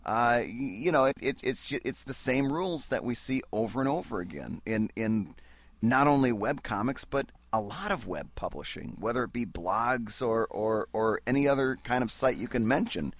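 A man's voice: medium pitch, expressive, normal speed, no echo. A man co-hosting a casual podcast, explaining earnestly with many restarts. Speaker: podcast co-host. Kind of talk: casual chat.

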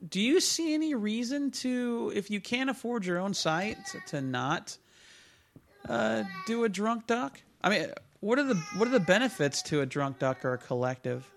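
A man's voice: high-pitched, lively intonation, moderate pace, creaky, a little hiss or hum. A man co-hosting a podcast, rambling through comic stories in casual chat. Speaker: podcast co-host.

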